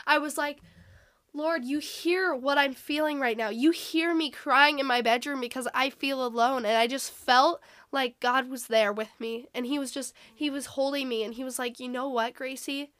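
A teenage girl hosts a casual faith talk show with a high, light voice. She tells her stories earnestly and reads verses aloud in a sincere, unhurried way. The sound is dry and close. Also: a bit bright, dry recording. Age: teens. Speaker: podcast host.

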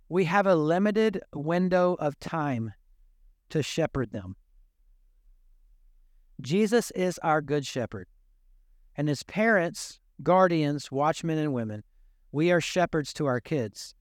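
An older pastor with a drawl delivers a sermon as if he's chatting with his congregation, animated and cracking jokes. His voice is high for a man, smooth and resonant, and he talks slowly with frequent pauses. The recording is dry and close, with no room echo.

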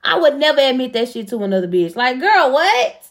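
A young woman on a casual chat show, telling a personal story in a blunt, profane, animated way and acting out the back-and-forth. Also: high-pitched, fairly quick.

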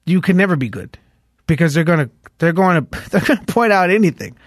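Animated man telling stories, dry studio sound. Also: on the high side, fairly quick, dry recording. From Los Angeles. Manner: animated storyteller, heavy on "like", hums tunes aloud. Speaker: guest musician. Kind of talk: casual interview chat.

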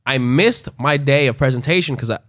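A man's voice: mid-range voice, brisk, fairly bright tone, no echo, studio quality. A young man casually telling a story, loose and profane, acting out quotes along the way.

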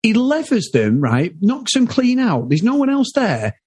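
A British podcast co-host in his thirties talks through a film in an excited, sweary ramble. His voice is a bit husky and swoops up and down a lot. The sound is dry and close. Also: very high-pitched, measured pace, no echo. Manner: animated, sweary, laughs often. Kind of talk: casual film review chat.

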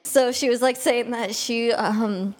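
A woman's voice: on the high side, steady tone, slow pace, a little mellow, big-room sound. Giggly blunt woman with a raised voice. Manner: blunt and giggly, swears freely. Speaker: podcast co-host. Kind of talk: casual storytelling chat.

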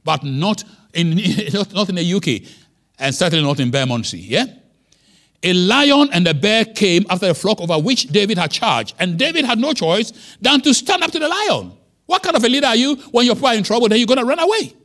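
A man preaching a sermon as pastor, emphatic, with wide swings in pitch and loudness. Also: very animated, fairly quick.

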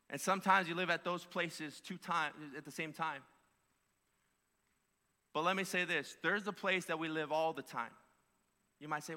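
A man's voice: a little high, fairly even intonation, brisk, pushed and bright. A male pastor preaching a sermon with emphatic, repeated phrases. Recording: long hall reverb.

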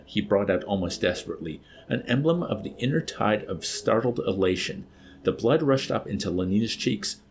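Husky, low-voiced male reader. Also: lively intonation, a little fast, a little mellow. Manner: hesitant, thoughtful, with restarts in discussion. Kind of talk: reading aloud and book discussion.

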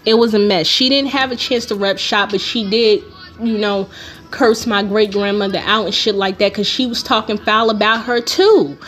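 A woman's voice: medium pitch, steady tone, normal speed, a bit bright. A young adult woman hosting a podcast, telling a heated personal story in casual, profane talk. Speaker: podcast host.

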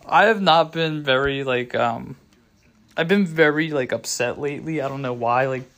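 A young man hosting a casual solo talk show, rambling and halting with many restarts, choked up and near tears. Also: medium pitch, a bit bright. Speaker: show host.

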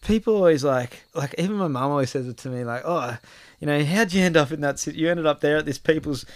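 Man, casual storytelling, animated quotes, dry close sound. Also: fairly high pitch, quick pace, no room sound. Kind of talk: casual chat.

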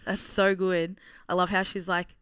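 A woman in casual podcast chat, reacting quickly and chiming in with remarks. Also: fairly low pitch, little pitch movement, fairly bright tone, smooth, no echo, clean studio sound. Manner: chatty, quick reactions and laughter. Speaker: podcast host.

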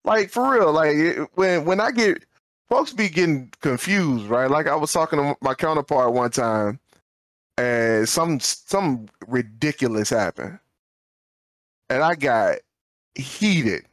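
Podcast co-host, male, somewhat high voice, animated storyteller who doubles up words when worked up, dry studio sound. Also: takes it slowly, no room sound. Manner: animated storyteller, acts out quoted dialogue, repeats words when fired up. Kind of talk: casual storytelling chat.

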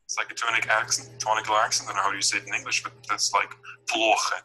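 A man's voice: fairly low pitch, level tone, rapid-fire, sharp tone, a little hiss or hum, rough recording. A young man teaching a casual online language lesson over a video call, explaining patiently with many fillers and restarts. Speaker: language tutor.

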